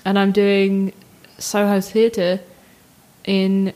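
Young woman, stand-up comic, playful riffing chat, mid-pitched voice. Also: level tone, very slow, a little mellow, low-quality recording. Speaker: comedian guest. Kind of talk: casual chat.

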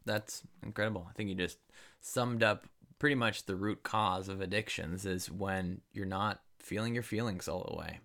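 A man's voice: deep voice, moderate pace, gravelly, a bit bright. A man hosting a podcast conversation, agreeable and affirming toward his guest.

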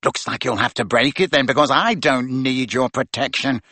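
Man doing a sulky sneering teen boy, defiant n resentful, bright kinda husky voice. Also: medium pitch, moderate pace, no room sound. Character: sullen, defiant teenage boy. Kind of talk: audiobook character voice.

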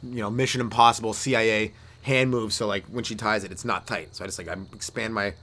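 A man hosting his own comedy podcast, riffing through old jokes in a rambling solo set, with a lot of "right?" asides, laughing at his own lines and jumping into loud put-on voices for the bits. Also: lowish voice, fairly even intonation, quick pace, slight background noise.

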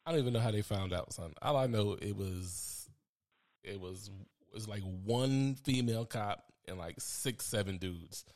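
A man's voice: on the low side, moderate pace, a little mellow. A man co-hosting a podcast, telling stories in a loose, slangy, casual way. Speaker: podcast co-host. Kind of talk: casual chat.

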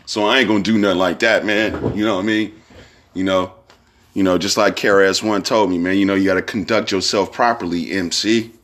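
Bay dude rambling on his own podcast, kinda low voice, cussing a lot, keeps saying you know what i'm saying. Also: steady tone, a little fast, a bit bright. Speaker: podcast host. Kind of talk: casual solo podcast monologue.

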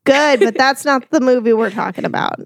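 A woman's voice: high voice, a little fast, creaky, no room sound, clean studio sound. A young woman co-hosting a movie podcast in casual, chatty talk full of likes and ums. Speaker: podcast co-host.

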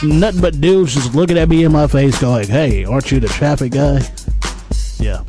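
A man's voice: mid-range voice, moderate pace, music in the background. A man doing a comedic traffic report from a nightclub, rambling and easily sidetracked.

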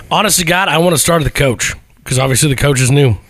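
A man's voice: a little high, fairly bright tone, dry recording. A man co-hosting a casual sports podcast, joking and bantering loosely. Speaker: podcast co-host.

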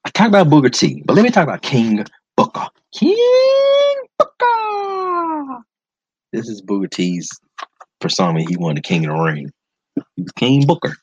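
A man hosts a casual solo podcast in a fairly low voice, talking fairly quickly and very animatedly, with enthusiastic slang and words repeated for emphasis. The dry, close-miked recording sounds dull and lo-fi, with a little hiss or hum.

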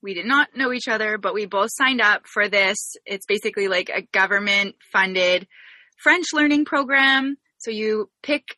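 A woman's voice: mid-range voice, normal speed, sharp tone, dry recording. A young Canadian woman hosting a podcast, telling a story in a bubbly, giggly way. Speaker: podcast host. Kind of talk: casual interview chat.

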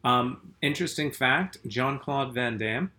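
A man chatting casually with a very bright, sharp voice, rambling and self-interrupting as he tells his stories. His pitch is at an everyday middle level. His talk is loose and full of restarts. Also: a little slow. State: groggy after a nap. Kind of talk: casual chat.

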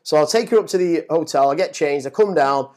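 A middle-aged man telling a story as a guest, animated and swearing, often repeating words as he gets excited. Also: a little high, fairly quick. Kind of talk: casual storytelling.

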